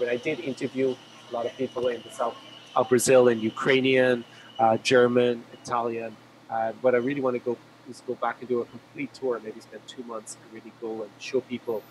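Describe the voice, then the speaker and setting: A man's voice: medium pitch, a little hiss or hum, low-quality recording. A man who is a language YouTuber, telling travel stories with enthusiasm in a casual video call chat. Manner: fast, enthusiastic storytelling.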